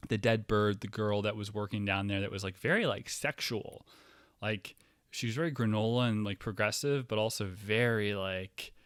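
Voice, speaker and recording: A man hosting a comedy podcast, telling a meandering, profane story that drops to mumbles and jumps to loud outbursts. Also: on the low side, moderate pace, clear, resonant tone, no echo, clean studio sound. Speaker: podcast host.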